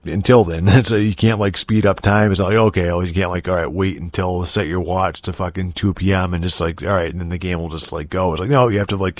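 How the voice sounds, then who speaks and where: Low-voiced, profane, rambling man. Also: no room sound. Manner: rambling, profane, sarcastic, many fillers. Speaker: podcast host. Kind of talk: casual chat.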